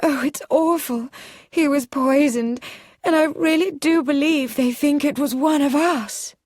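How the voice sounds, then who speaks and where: A woman voicing a soft-voiced, passionate young stepmother who talks softly and cries out with passion. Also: on the low side, normal speed, no echo, studio quality, close to an everyday voice. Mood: anguished.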